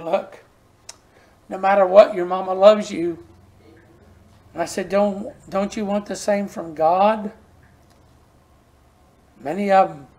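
An older man preaching a sermon, telling homespun stories and repeating words for emphasis, sometimes dropping to a soft near-whisper. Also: sits high. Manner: folksy storytelling, repeats words when stressing a point.

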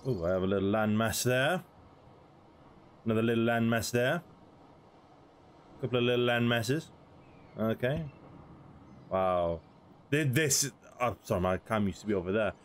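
A man's voice: lowish voice, normal speed, pauses often, slight background noise. A young man giving casual game commentary, chatting, laughing and talking to creatures in the game. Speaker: gaming video host.

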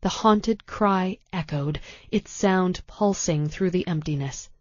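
A woman reading a thriller audiobook in a measured, tense, deliberate way. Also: on the low side, a little mellow, no echo, dull audio. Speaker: audiobook narrator. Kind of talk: scripted audiobook narration.

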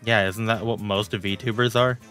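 A man's voice: fairly low pitch, steady tone, a little slow, a bit bright, faint music behind. A man streaming casually, teasing his co-host and swearing offhandedly.

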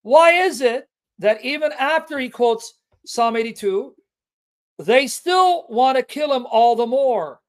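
A man's voice: extremely high pitch, expressive. Man taunting a rival on a livestream. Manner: taunting, repeatedly calling out an opponent; emphatic, with drawn-out stressed phrases. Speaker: Christian apologetics livestream host. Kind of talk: combative livestream preaching.

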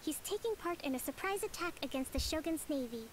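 A woman voicing a calm young woman who leads a rebel army in a game, soft and measured. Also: high-pitched, a little hiss or hum. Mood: briefing. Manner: measured, courteous.

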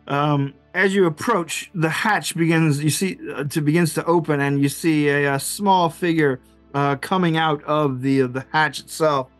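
A man narrating as game master in a tabletop game. He talks haltingly, with frequent fillers, restarts and laughter. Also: fairly high pitch, fairly even intonation, dry recording, faint music behind.

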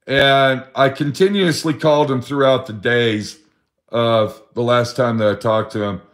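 A man's voice: mid-range voice, fairly bright tone. Rambling profane man telling a sad story. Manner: profane, rambling, acts out his friend's voice in quotes. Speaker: vlogger telling a story about a friend. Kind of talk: emotional personal storytelling.

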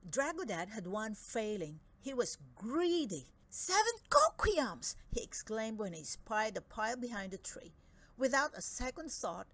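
A woman reading a children's storybook aloud with an expressive, dramatic storytelling delivery. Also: a little high.

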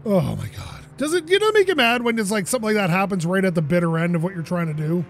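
High, lively male gamer commentating. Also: quick pace, a little hiss or hum. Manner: animated, self-talking, swearing when frustrated. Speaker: gaming channel host. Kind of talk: let's play commentary.

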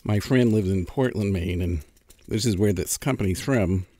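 A middle-aged man chats casually through an eating vlog, pausing to savor each bite. His voice sits a little low. The sound is dry and close, as if the mic is right beside him. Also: mellow, no room sound. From California. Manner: chatty, savoring food between remarks. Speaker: food vlogger.

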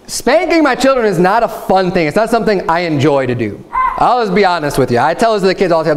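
A man's voice: high-pitched, sing-song, fast talker. A young adult man preaching a sermon at a church service, frank and conversational, with stories from his own life. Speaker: pastor.

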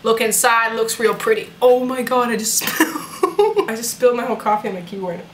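A woman's voice: a little high, steady tone, fast talker, fairly bright tone, lightly acted. A young woman vlogger chatting casually while putting on a joking Southern US accent, playful and rambling. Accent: put-on Southern US. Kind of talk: casual vlog chat. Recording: echoey room with background noise.

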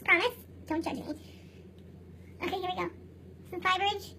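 A woman's voice: very high voice, fairly even intonation, moderate pace, bright, forceful tone. A young adult woman vlogger giggling her way through a casual makeup tutorial.

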